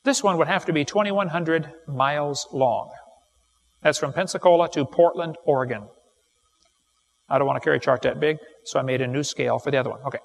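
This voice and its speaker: A middle-aged man giving a live seminar lecture, telling folksy stories and firing off quick jokes to a live audience. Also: fairly high pitch, vocal fry. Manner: folksy, wisecracking, quick storytelling with punchlines. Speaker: creation seminar speaker. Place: large hall with live audience. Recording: live recording in a reverberant hall.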